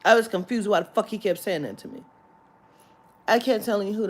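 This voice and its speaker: A woman's voice: mid-range voice, brisk. A woman vlogger telling a story in a heated, profane rant that breaks into laughter.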